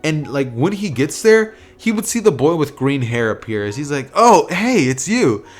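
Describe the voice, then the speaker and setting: A man's voice: mid-range voice, expressive, moderate pace. Rambling casual male storyteller. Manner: loose, rambling, filler-heavy. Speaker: storyteller, channel host. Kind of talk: casual improvised fan story narration.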